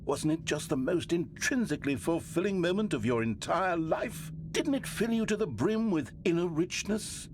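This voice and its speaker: A man voicing a wry, lively game narrator. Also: on the high side, normal speed, hardly any pauses, slight background noise, close to an everyday voice. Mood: wheedling. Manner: dry, mock-grave storytelling with sudden pleading asides. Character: wry, meddling male narrator of a video game. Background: game music.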